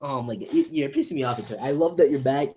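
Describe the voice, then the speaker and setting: A man with a mid-range voice and quick pace reacts live to a manga chapter, ranting heatedly, swearing and stammering over repeated words. He reads the panel lines aloud softly.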